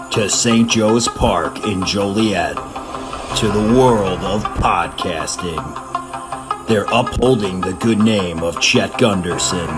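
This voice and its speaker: A man reading a dramatic scripted show intro. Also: deep voice. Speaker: show announcer.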